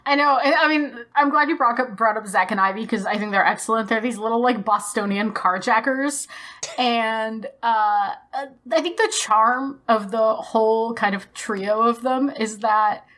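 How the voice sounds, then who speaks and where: A woman's voice: fairly high pitch, fairly bright tone. A woman from Texas co-hosting a podcast in casual chat, enthusiastic and casually profane. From Texas, USA. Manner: enthusiastic, swears casually, quick bursts. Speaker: podcast co-host.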